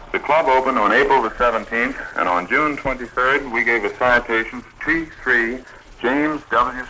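Bright-toned man in a 1940s radio interview. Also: medium pitch, slight background noise, low-quality recording. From United States. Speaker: Red Cross program director.

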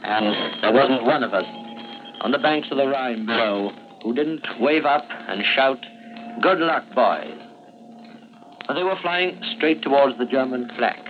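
A man describing an airborne assault as an eyewitness war correspondent on the radio. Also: medium pitch. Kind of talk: archival eyewitness radio report. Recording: muffled 1940s radio archive with hiss.

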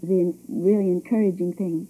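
A woman answering as a radio interview guest, earnest and halting as she searches for words. Her voice is very dark and mellow, a little husky. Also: lowish voice, fairly even intonation, low-quality recording. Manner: earnest, halting, restarts sentences.

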